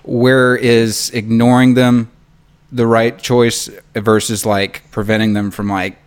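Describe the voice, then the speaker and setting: Southern male writer, casual talk, halting restarts, quick laughs. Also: medium pitch, flat delivery, clean tone. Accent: Southern American. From American South. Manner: halting, repeats words, laughs often. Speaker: writer, podcast guest. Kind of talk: casual conversation.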